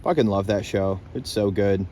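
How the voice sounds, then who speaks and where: A young man with a lowish voice talks in a loose, rambling way into a handheld phone, relaxed and casual, swearing now and then. He is outdoors on a lake island, and a faint hiss of wind sits behind his voice. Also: normal speed. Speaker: vlogger camping alone on an island. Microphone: handheld phone camera.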